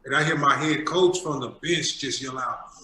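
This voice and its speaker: A man's voice: mid-range voice, normal speed, slight background noise. A man, a former pro basketball player, telling a story casually and emphatically. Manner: animated, emphatic. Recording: echoey room.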